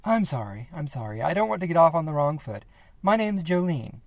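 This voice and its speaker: A man voicing an anxious young mother, speaking high and flustered, reading a spooky story aloud. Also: very animated, brisk, darkish tone, no echo. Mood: apologetic.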